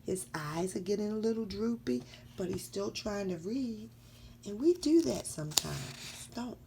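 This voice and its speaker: A woman reading a picture book aloud to children, slowly and encouragingly, asking them questions. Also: mid-range voice, expressive, vocal fry, dark tone, a little hiss or hum. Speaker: storybook reader.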